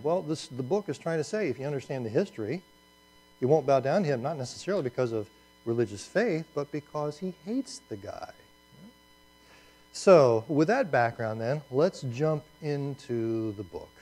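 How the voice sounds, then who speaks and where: A man's voice: fairly high pitch, a little mellow, low-quality recording. Chatty male Bible teacher. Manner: conversational, asks rhetorical questions, adds asides.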